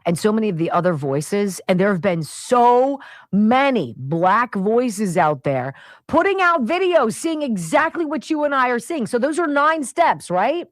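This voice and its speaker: A woman hosting a talk radio show, delivering an indignant, animated opinion monologue into a studio microphone. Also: on the high side, a little slow, dry recording.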